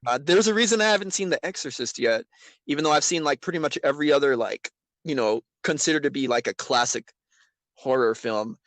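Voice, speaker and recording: A man hosting a podcast in casual chat, animated and teasing, laughing often. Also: mid-range voice, a little fast, dry recording. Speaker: podcast host.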